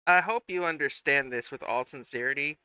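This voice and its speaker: Blunt player, man, sharp bright tone, dull mic. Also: a little high, fairly quick, clean tone, no room sound. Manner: blunt, brash. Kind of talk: casual chat.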